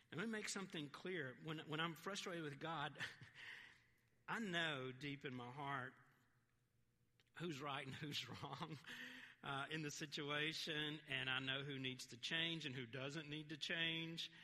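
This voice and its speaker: A male pastor delivers a conversational, earnest sermon. His voice sits high and sounds bright and forceful. A long reverb from a large hall trails after his words. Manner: conversational, earnest, breaks into quoted voices and light laughs.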